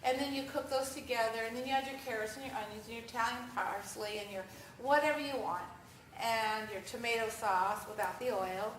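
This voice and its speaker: A woman giving a lively live talk and answering audience questions, speaking conversationally to the crowd. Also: a little high, fairly quick. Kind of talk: live presentation with Q&A. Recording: echoey room, mic far off, faint noise.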